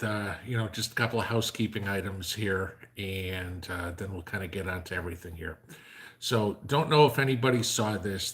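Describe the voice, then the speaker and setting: A man's voice: on the low side, fairly bright tone. A man hosting a casual livestream who talks in a loose, rambling way, full of fillers, and tells jokes. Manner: rambling, filler-heavy, joke-telling. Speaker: livestream host.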